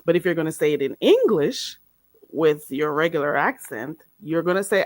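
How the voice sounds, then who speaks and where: A woman's voice: sits low, very animated, dry recording, studio quality. A woman hosting a live stream, chatting casually with viewers and teasing them playfully while teaching them phrases. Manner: playful and teasing, drawn-out slow demonstrations. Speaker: livestream host teaching phrases.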